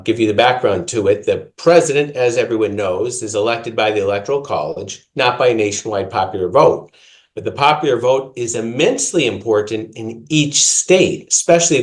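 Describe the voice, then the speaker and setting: A man with a Minnesota accent, co-hosting a podcast and explaining a segment with careful, measured enunciation. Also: mid-range voice, a little mellow. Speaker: podcast co-host.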